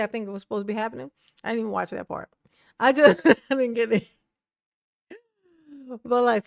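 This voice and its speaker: A woman's voice: on the high side, no echo, studio quality. Chatty, slangy woman commenting. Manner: chatty and slangy, laughs often, talks back to the video. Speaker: online commentary host. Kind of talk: casual livestream commentary.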